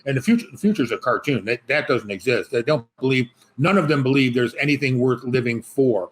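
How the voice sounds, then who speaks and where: A man's voice: medium pitch, animated, a little fast, a little hiss or hum. A man talking as an author guest in a casual interview, rambling and joking with many restarts. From Chicago.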